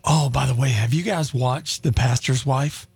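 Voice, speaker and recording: Gravelly chatty morning radio host. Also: male voice, medium pitch, moderate pace. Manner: chatty storyteller, animated. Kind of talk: casual morning radio banter. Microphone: studio microphone.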